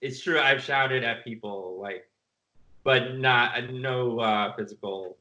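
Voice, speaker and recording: A man's voice: mid-range voice, slow, bright, forceful tone, low-quality recording. A man telling stories in a casual interview, rambling and laughing often. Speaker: film director guest. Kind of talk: casual video-call interview.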